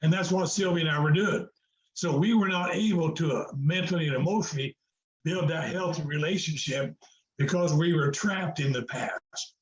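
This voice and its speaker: With a moderately paced, somewhat high voice, an older man tells his story as a guest on a video call. He's earnest and a bit preacherly, repeating himself and using fillers, while the recording has the roomy, dull quality of call audio.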